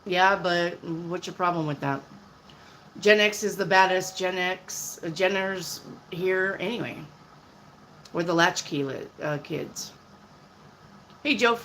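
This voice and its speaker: A woman in her fifties with a fairly low voice, reading tarot live for her viewers. She talks bluntly and chattily, answering one question from chat after another. Faint noise sits under her voice. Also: takes it slowly, long pauses, fairly bright tone, poor audio. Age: 50s. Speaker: tarot reader.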